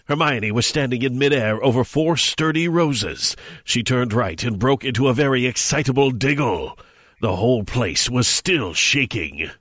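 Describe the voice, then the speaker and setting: A man's voice: mid-range voice, expressive, normal speed, fairly bright tone, no room sound, studio quality. A man hosting a podcast, reading text aloud for comedy with mock drama and often breaking into laughter. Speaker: podcast host.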